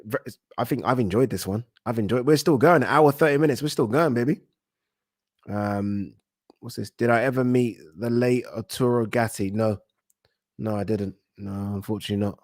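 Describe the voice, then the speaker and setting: A British man hosting a casual boxing livestream, chatting excitably, swearing casually and reading out viewer messages. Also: mid-range voice, normal speed, no echo, clean studio sound.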